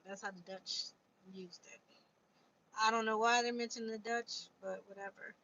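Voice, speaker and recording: Woman chatting to her viewers, bright voice, kinda dull lo-fi audio. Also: fairly high pitch, fairly even intonation, normal speed. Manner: chatty, reads aloud from a book, talks to viewers. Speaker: livestream host. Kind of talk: casual livestream chat reading viewer comments. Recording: dull lo-fi stream audio with faint noise.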